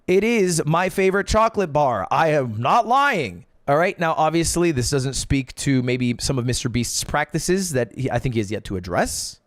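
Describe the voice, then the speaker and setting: A man giving casual, joking streaming commentary while ranking products, animated and often profane. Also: on the high side, normal speed, hardly any pauses, dry recording, clean studio sound.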